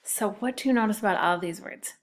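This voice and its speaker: A woman with a mid-range voice leads a recorded phonics lesson for second graders. She breaks words into syllables and pronounces each one with clear, deliberate care.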